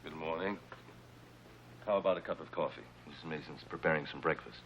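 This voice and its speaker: A very deep, calm doctor. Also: male voice, fairly quick. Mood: reassuring. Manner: calm, reassuring. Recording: dull old TV soundtrack, faint hum.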